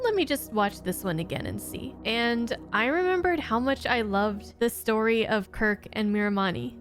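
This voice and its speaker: A woman hosting her own channel, giving an earnest, heartfelt casual review of her favorite TV episodes. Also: on the high side. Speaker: YouTube reaction host.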